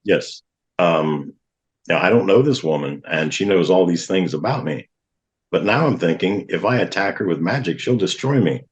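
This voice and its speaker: A man's voice: low-pitched, animated, moderate pace. A middle-aged man, a guest on a talk show, earnestly telling a personal testimony and acting out what others said. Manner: earnest, vivid retelling with acted-out quotes.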